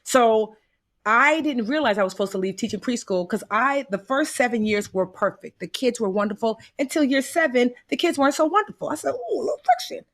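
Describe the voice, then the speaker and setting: Animated storytelling woman from the US. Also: on the high side, brisk. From United States. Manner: animated, acts out quoted voices, folksy asides. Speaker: guest. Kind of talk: casual conversational storytelling.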